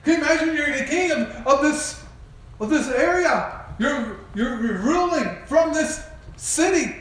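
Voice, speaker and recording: A man preaching a sermon, retelling a story in an animated way and putting questions to his listeners. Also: extremely high pitch, unhurried. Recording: very echoey room.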